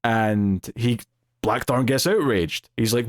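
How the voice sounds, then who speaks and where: A man's voice: medium pitch, normal speed, dry recording. Guy rambling through a tv episode review, acts out the lines, um and like everywhere, dry sound. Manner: animated retelling with acted-out quotes and frequent fillers. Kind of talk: casual spoken review.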